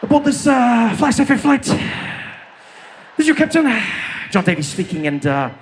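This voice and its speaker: A man voicing a smooth-talking male airline pilot who keeps breaking his announcement with breathy pauses and "uh"s. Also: extremely high pitch, sing-song, pitched above the performer's own voice. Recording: reverberant hall with faint noise.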